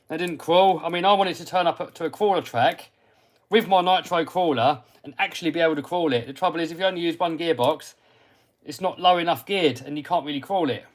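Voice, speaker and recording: A man's voice: fairly high pitch, brisk. Chatty English man reading live comments. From England. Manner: chatty, reads out viewer comments and answers them; drops to a mutter while fiddling with parts. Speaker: RC hobby livestream host. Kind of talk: casual live-stream chat while working on a model car.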